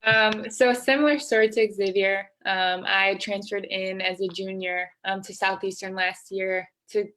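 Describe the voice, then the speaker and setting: A woman's voice: medium pitch, fairly even intonation, a little slow, few pauses, fairly bright tone. A young woman, a student-athlete guest, speaking hesitantly in a casual interview with many fillers. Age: young adult.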